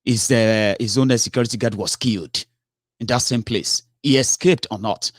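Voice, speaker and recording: A man's voice: medium pitch, moderate pace, no echo, studio quality. A man giving impassioned political commentary, breaking into exasperated outbursts, repeating himself and restarting his sentences. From Nigeria.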